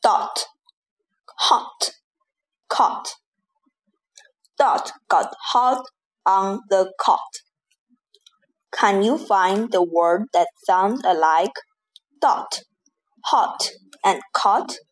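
Very slow woman reading rhymes. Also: mid-range voice. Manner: slow, deliberate word-by-word reading. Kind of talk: slow rhyming lesson for children.

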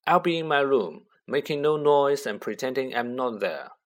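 A man voicing a quiet, glum teenage boy who speaks in a subdued, flat way in a storybook reading. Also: mid-range voice, normal speed, natural voice. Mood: sullen.

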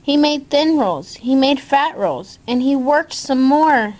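A woman reads a picture book aloud, slow and gentle, stopping now and then to point out the pictures to her listeners. Her voice sits fairly high. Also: expressive, muffled recording. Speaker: storyteller.

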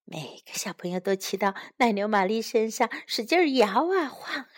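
A woman from China reading a storybook to children and then teaching its English phrases, gently repeating them. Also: on the high side. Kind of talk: bilingual storybook reading and English lesson for kids.

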